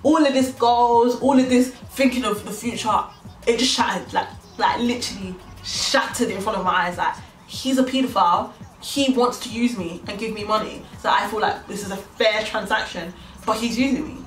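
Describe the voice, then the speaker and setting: A young woman telling a personal story on her vlog in an animated way, often talking straight to her viewers. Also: a little high, moderate pace. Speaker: vlogger. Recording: echoey room, distant mic, faint music.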